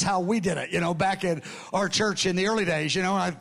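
A man's voice: sits high, moderate pace, creaky, a bit bright. A man preaching a sermon-style teaching session, telling a story animatedly, acting out what others said and often restarting his sentences. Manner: frequent restarts and stammered repeats. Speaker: pastor.

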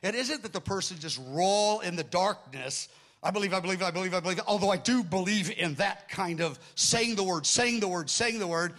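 A middle-aged man delivers a storytelling sermon in a slightly higher-than-usual male voice. He is animated, acting out the people in his story. He often drifts into rambling asides and corrects himself mid-sentence. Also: brisk. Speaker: preacher.

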